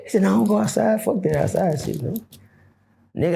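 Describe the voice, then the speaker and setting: A middle-aged man telling prison stories in an animated way, acting out other people's voices and swearing freely. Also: fast, vocal fry, a little hiss or hum. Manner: acts out voices, swings pitch widely, swears freely. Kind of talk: animated storytelling.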